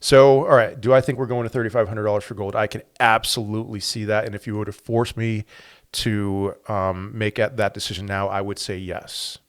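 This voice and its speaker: A man hosting a crypto channel, giving animated, conversational market commentary full of rhetorical questions. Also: on the low side, fairly quick, clean tone.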